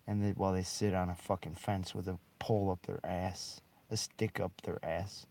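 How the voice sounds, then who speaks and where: A man's voice: low voice, level tone, moderate pace, hardly any pauses, darkish tone. A man in a rambling, bitter monologue, swearing heavily and breaking into short laughs. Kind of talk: angry monologue.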